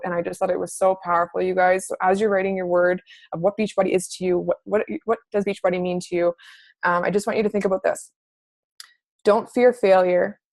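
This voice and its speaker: A woman's voice: fairly low pitch, vocal fry, a little mellow, no room sound. A woman fitness coach talking to her team on a video call, casual and gushing, full of "like". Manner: casual and gushing, says "like" often.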